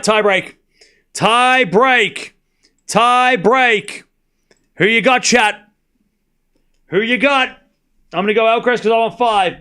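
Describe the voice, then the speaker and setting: A man's voice: high-pitched, sharp tone, clear, resonant tone. A man streaming casual tennis play-by-play, calling scores and chatting back to viewers late at night. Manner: chatty, banters with viewers, quick score calls. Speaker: livestream tennis commentator. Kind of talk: casual play-by-play commentary and chat replies.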